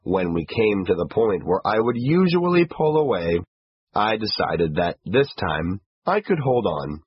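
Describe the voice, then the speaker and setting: A man narrating a first-person story in a measured, expressive way, with a husky voice. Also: fairly low pitch, dry recording. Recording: dull, slightly muffled recording.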